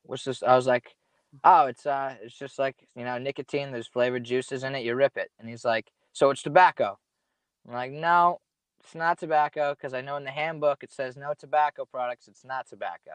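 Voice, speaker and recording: A man's voice: mid-range voice, steady tone, a little fast, clean tone, dry recording. A young man telling a casual story in a rambling way, full of slang and swearing. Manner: profane, rambling, laid-back slang. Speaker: podcast guest storyteller.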